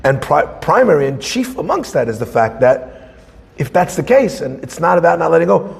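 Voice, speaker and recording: Male rabbi teaching a class, very expressive pitch, gravelly, acts out scenes. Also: moderate pace, long reverb tail. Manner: animated, acts out scenes, conversational. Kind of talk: lively Torah class.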